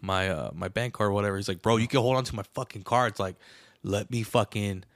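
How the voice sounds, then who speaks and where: A young man casually telling a long story on a podcast, animated and profane, calling everyone bro. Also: lowish voice, brisk, dry recording. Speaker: podcast co-host.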